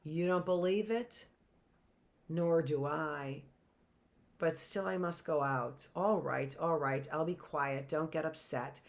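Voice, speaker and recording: A woman teacher reading a novel aloud in a measured, expressive way. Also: low voice.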